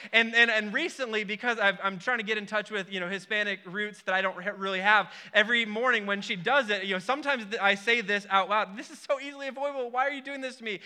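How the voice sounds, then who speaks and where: A young adult man preaching a sermon, opening with an animated, self-deprecating story. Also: sits high. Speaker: pastor.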